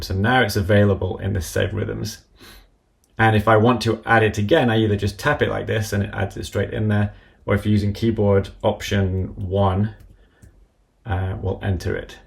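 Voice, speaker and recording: A man with a low, gravelly voice gives a live-streamed software tutorial. He works at his computer and talks methodically through each step as he goes. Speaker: app developer demonstrating software.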